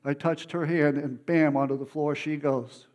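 A man preaching, telling a story of his own testimony in an emotional, animated way with many restarts. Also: fairly high pitch, moderate pace, dull audio.

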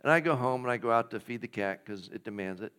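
A man delivers a church sermon in an easy, conversational way. His voice sits at a medium pitch. He keeps things light, with asides and playful impressions of the lines he quotes. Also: animated, quick pace, a bit bright, clear, resonant tone. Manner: conversational, jokey, acts out God's lines in a casual voice. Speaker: pastor.

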